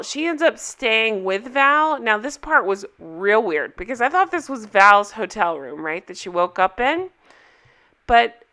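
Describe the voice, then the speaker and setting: Bright-voiced chatty woman recapping a show. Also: medium pitch. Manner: chatty, rambling, self-correcting, quoting characters in little voices. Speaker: TV show reviewer. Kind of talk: casual recap vlog.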